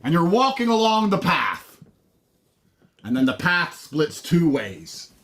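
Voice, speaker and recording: A man's voice: a little high, big pitch swings, takes it slowly, fairly bright tone. A man in casual chat who lectures in a preachy, mock-serious way, pushing questions at the listener.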